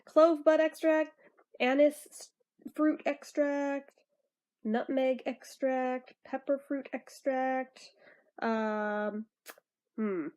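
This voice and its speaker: A woman's voice: high voice, fairly even intonation, drawn-out words, long pauses, darkish tone. A woman with a stuffy nose chatting through a casual product review, bubbly and easily sidetracked.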